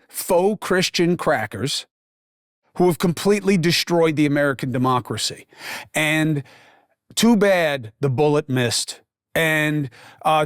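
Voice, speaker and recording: A man's voice: a little high, clean tone, no room sound. A man hosting a podcast, delivering blunt, profane, sarcastic political commentary into a close microphone. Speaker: podcast host.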